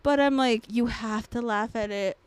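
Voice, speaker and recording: High-voiced, foul-mouthed laughing woman. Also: normal speed, clear, resonant tone, no echo. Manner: profane, laughing storyteller. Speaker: podcast co-host. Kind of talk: casual chat.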